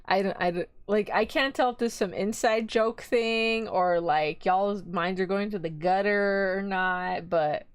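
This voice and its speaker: A woman's voice: mid-range voice, unhurried, few pauses, smooth, no echo. A young woman, chatting and giggling casually on a live stream. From Texas. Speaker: VTuber streamer.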